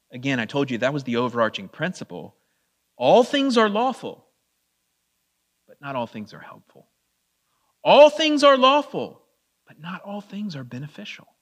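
A man preaching a verse-by-verse sermon in a conversational way, asking the audience questions and reading scripture slowly with drawn-out emphasis. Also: mid-range voice, a bit bright. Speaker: pastor. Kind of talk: expository sermon.

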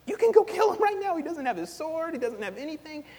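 A preacher putting on a band of eager young soldiers. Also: male voice, very high-pitched, very animated, fast, a little mellow, a little hiss or hum, pitched above the performer's own voice, exaggerated voice. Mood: urgent. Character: excited band of male soldiers. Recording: long hall reverb.

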